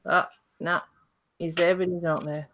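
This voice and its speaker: An Australian woman with a bright, clear tone hosts a relaxed livestream from her couch. She chats easily and reads viewer questions aloud. A faint hiss runs under her voice. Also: on the low side, measured pace. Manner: chatty, reads out viewer questions, laughs often. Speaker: livestream host. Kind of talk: casual livestream chat. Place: home couch.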